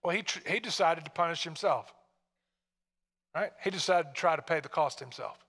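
A pastor from Tennessee preaching a sermon in a conversational way, full of rhetorical questions to the congregation. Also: male voice, fairly high pitch, normal speed, fairly bright tone, big-room sound.

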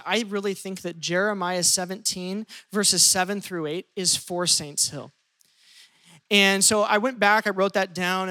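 Lively pastor preaching a sermon. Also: mid-range voice. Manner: lively, shifts pace often, acts out quoted speech.

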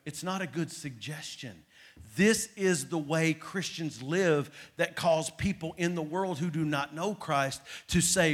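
A middle-aged male pastor delivers a sermon with a slightly high voice. He swings from loud, emphatic declarations down to low, hushed asides, with a conversational feel throughout. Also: a little slow.

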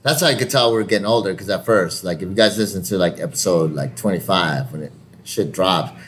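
A man co-hosting a casual podcast, joking and swearing, with loud bursts of laughter. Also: sits low, brisk, a little hiss or hum. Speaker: podcast co-host.

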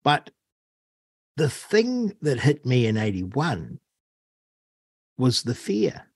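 A male host interviews a guest, speaking very slowly and deliberately. His voice sits in a middle pitch, and the recording is dry and close. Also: huge pitch swings, darkish tone, slightly rough, no room sound. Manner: slow, deliberate questions. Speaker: radio host.

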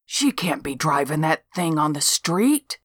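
A woman's voice: low-pitched, very animated, measured pace, fairly bright tone, slightly rough, no echo, studio quality, heavily acted. A woman reading the part of a blunt, weary small-town male police officer in an audiobook. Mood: exasperated.

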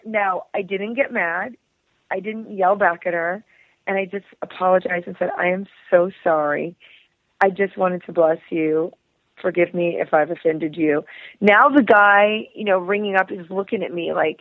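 Expressive woman telling a story over a tinny line. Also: medium pitch, normal speed, no room sound. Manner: emotive, acts out quoted voices, laughs often. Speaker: actress and singer, podcast guest. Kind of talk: animated storytelling in an interview. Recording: tinny phone-like line, dry.

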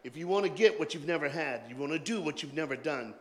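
A man preaching a sermon in a loose call-and-response style, joking in colloquial asides and swinging between shouted rallying lines and hushed, quiet talk. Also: fairly high pitch, lively intonation, fast talker. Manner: jokey, colloquial and emphatic. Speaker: pastor. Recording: long hall reverb.

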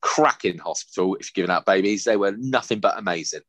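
Man, lowish voice, animated and sweary storytelling, dry close mic. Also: quick pace, dry recording. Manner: animated, sweary, laughing anecdote-telling. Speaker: podcast host. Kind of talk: casual storytelling chat.

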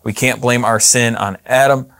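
A man in a relaxed Bible discussion, circling his point with restarts and asides. His voice sits at an ordinary pitch, and the recording is dry and close with no room sound. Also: moderate pace, no room sound. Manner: conversational, rambling with restarts and asides. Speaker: Bible study co-host.

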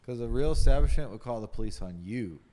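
A man's voice: mid-range voice, lively intonation, fast. A man hosting a casual live podcast chat, blunt and teasing as he reacts to a guest's story. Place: live show in a hall. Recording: reverberant hall with faint noise.

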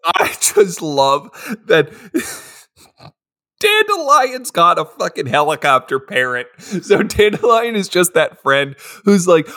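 Animated high-voiced joking man. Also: takes it slowly. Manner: animated, laughs a lot, does silly voices. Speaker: podcast co-host. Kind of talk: casual comedic chat.

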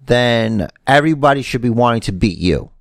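A man's voice: mid-range voice, lively intonation, brisk, creaky, no echo, studio quality. A man co-hosting a wrestling podcast, rambling and restarting his sentences in casual chat. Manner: rambling, restarts often, teasing. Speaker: podcast co-host.

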